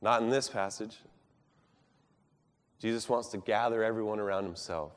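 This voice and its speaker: Preaching in a large hall, a man with a lowish voice delivers his sermon earnestly and steadily. He rises when emphasizing and drops softly as he finishes his thoughts.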